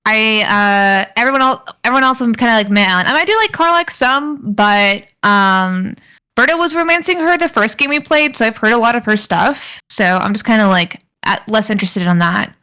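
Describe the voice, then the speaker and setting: Bright, giggly woman podcaster. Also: a little high, lively intonation, moderate pace, clear, resonant tone. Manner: rambling, giggly, many fillers. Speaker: podcast co-host. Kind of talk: casual chat.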